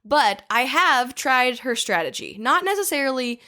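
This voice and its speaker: A woman's voice: high-pitched, sing-song, moderate pace, pushed and bright. A woman hosting a podcast, talking in an upbeat, casual way. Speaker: podcast host.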